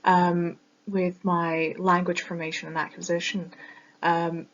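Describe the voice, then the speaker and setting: A woman's voice: on the low side, little pitch movement, slow, slight background noise. A young woman, a recent teaching graduate, giving a reflective, self-deprecating personal video monologue. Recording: dull lo-fi mic that clips on loud moments.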